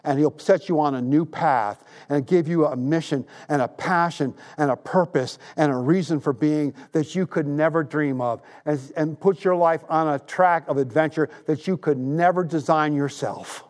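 A man's voice: a little high, normal speed, few pauses, a little mellow. A man in his sixties preaching a sermon, retelling a story with emphasis and making earnest appeals. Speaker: pastor.

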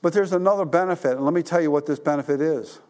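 Middle-aged guy preaching, kinda higher voice, talks to the crowd like a friend, asks them stuff. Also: quick pace, darkish tone. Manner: conversational preaching, asks the congregation questions. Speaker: pastor. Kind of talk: sermon.

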